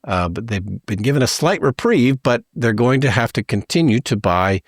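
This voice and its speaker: A man's voice: medium pitch, normal speed, no room sound. Canadian man hosting, dry close sound. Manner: relaxed, reads news with many fillers. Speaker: podcast co-host. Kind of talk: casual news discussion.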